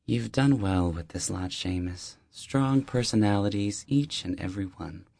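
A man voicing a warm, motherly older woman who runs a deli, a longtime hippie, in an audiobook. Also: fairly low pitch, a little slow, gravelly, voice pushed up. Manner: motherly, kindly fussing. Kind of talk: audiobook character voice.

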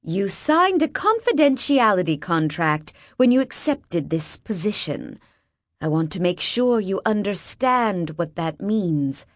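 A woman's voice: medium pitch, sing-song, unhurried, no room sound, studio quality. A woman voicing a curt, sneering older rich wife with a cold manner. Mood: haughty.

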